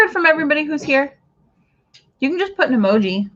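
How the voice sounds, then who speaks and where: A woman's voice: high voice, sing-song, fast talker, pauses often, fairly bright tone, lo-fi sound. A woman hosting a casual craft livestream, chatting with viewers and reading out their comments as she goes. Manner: chatty, reads out viewer comments, trails off and restarts.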